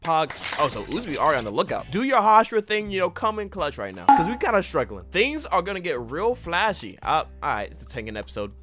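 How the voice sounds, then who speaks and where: A young man giving excitable anime reaction commentary with a slangy, joking manner. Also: sits high, fast talker, hardly any pauses, over loud music.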